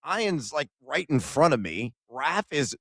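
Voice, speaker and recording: A man co-hosting a sports radio show, excitedly recounting his day at a basketball event and acting out the conversations. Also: fairly high pitch, unhurried, husky, dry recording. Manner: animated storyteller, acts out quoted exchanges.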